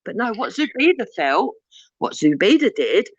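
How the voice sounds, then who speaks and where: Woman, 50s, blunt lecturing debater, lively pitch, dry lo-fi stream sound. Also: normal speed, breathy edge, no echo. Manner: blunt, lecturing, swears freely. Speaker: panelist on a live debate stream. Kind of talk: heated live debate.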